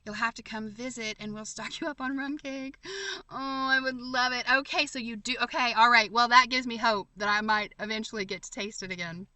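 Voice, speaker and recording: A woman's voice: fairly high pitch, steady tone, brisk, bright, forceful tone, no echo, far from the mic. A woman in casual live-stream chat, reading viewers' comments, talking effusively with frequent laughs and fillers. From United States. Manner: chatty and effusive, laughs often, many fillers and restarts. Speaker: livestream host reading chat.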